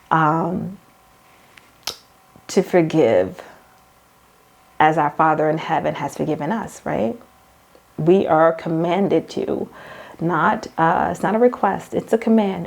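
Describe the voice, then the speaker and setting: A woman's voice: lowish voice, gravelly, darkish tone. A woman host giving a motivational faith talk, speaking straight to the listener like a coach, repeating key phrases and calling her girl and hon.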